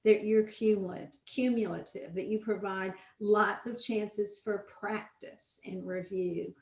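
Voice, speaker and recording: A woman's voice: mid-range voice, fairly even intonation, measured pace, darkish tone. A woman guest educator explaining teaching methods in a conversational, emphatic way. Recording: roomy echo.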